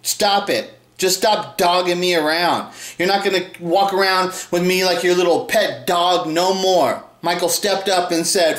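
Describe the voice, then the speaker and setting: A man's voice: a little slow, echoey room. A man ranting angrily in commentary, swearing and repeating himself, his voice rising when upset. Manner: angry, profane, repeats himself, voice jumps high when upset. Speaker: video host.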